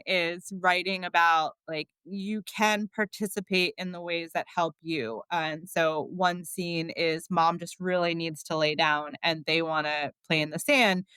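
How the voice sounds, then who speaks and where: Woman podcast guest, candid storytelling, bright tone, dry close recording. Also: on the low side, smooth, no room sound. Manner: chatty, frequent filler words, laughs often.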